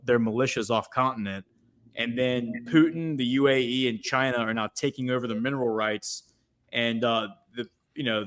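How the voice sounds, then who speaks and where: A man speaks as a guest on a political livestream. His talk rambles, full of restarts and fillers, in a medium-pitched voice. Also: a bit bright. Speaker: guest commentator.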